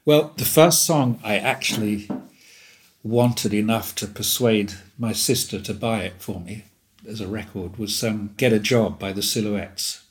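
A man's voice: lowish voice, a little slow. An older English man in his seventies, a guest telling stories in a rambling, amused way and laughing often. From England. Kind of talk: casual chat.

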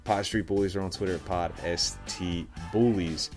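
Low-voiced joking podcast host, a man. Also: steady tone, moderate pace, few pauses, a little mellow, faint music behind. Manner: joking, laughs often, many fillers. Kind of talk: casual sports podcast chat.

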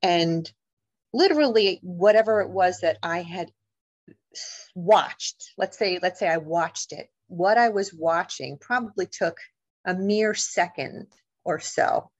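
A middle-aged woman, a guest author and paranormal investigator, telling a personal story in an animated, emotional way, acting out the voices of the people in it. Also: fairly low pitch, slow, no echo, highs cut off. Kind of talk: storytelling in a podcast interview.

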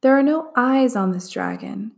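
An oily, fawning male servant from a storybook who flatters his master, as a woman puts him on. The voice sits slightly higher and is gravelly. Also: moderate pace.

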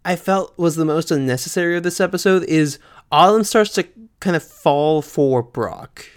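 A man co-hosting a podcast in casual chat, chatty, filling pauses with ums and often laughing. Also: a little high, smooth. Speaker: podcast co-host.

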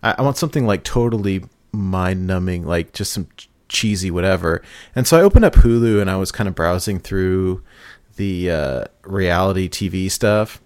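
Low-voiced, animated podcast host. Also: male voice, moderate pace, no echo, studio quality. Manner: animated storytelling, laughs, mimics people in quotes. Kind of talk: casual podcast chat.

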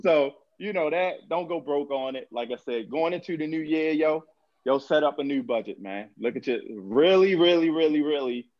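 A man's voice: fairly high pitch, normal speed, lo-fi sound. A man who works as a financial advisor, talking casually on a podcast in a blunt, joking way, full of slang. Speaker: financial advisor, show regular.

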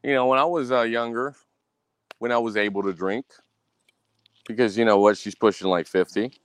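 A man with a steady tone and moderate pace hosts a solo podcast with no room sound, ranting angrily and boastfully. He curses constantly, repeats himself, and imitates others in a high voice.

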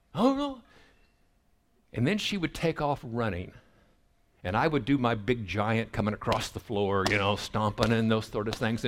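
A middle-aged man preaching a sermon, telling family stories and acting out the dialogue along the way. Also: fairly low pitch. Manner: acts out family dialogue in a lively storytelling way. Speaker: pastor. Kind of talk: sermon storytelling.

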